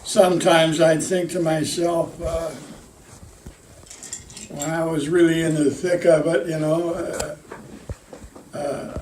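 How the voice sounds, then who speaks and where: An older man, a retired lineman, telling work stories in a halting way with many pauses and fillers. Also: fairly high pitch, flat delivery, a little mellow, slight background noise. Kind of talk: casual storytelling. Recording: roomy sound from a distant mic.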